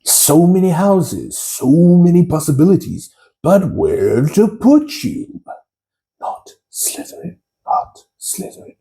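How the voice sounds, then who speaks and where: Guy doing a magic sorting hat voice, slow and drawn out, drops to a hush, kinda dark tone. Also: on the high side, very animated, creaky, voice pushed up, exaggerated voice. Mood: pondering. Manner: slow, drawn-out musing with hushed asides. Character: old magical talking hat, ponderous and sly.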